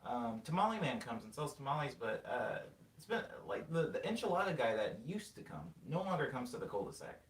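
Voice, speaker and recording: Chatty young man, lively pitch. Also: fairly quick, hardly any pauses. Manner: rambling, laughs often, animated storytelling. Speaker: livestream host reading chat. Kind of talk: casual chat. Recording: roomy, mic at a distance, faint noise.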